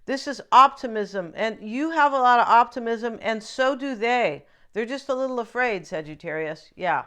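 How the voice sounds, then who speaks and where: A woman's voice: fairly high pitch, expressive, normal speed, pushed and bright. Chatty woman giving a tarot reading. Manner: chatty, asks "right?" often, muses aloud. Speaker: tarot reader. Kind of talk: casual tarot reading monologue.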